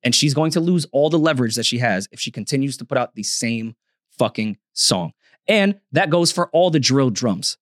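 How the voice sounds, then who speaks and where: A man's voice: mid-range voice, expressive, moderate pace, a bit bright, no room sound, clean studio sound. A man co-hosting a podcast who argues his point matter-of-factly and swears freely. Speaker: podcast co-host. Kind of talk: heated casual debate.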